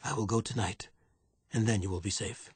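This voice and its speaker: A man reading aloud, voicing a hunted young fisherman who speaks in a low, solemn, quietly pleading way. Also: steady tone, fairly quick, breathy edge, no room sound. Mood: grave.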